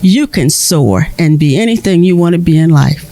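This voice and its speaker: A woman storyteller telling a folk tale to children in a lively, expressive way. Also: on the low side, moderate pace, slight background noise.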